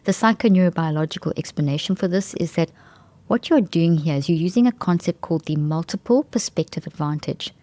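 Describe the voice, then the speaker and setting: A woman's voice: lowish voice, fairly quick, dark tone, no room sound. A woman hosting a talk show, explaining brain science in an enthusiastic, emphatic way and often restarting phrases mid-sentence. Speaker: podcast host.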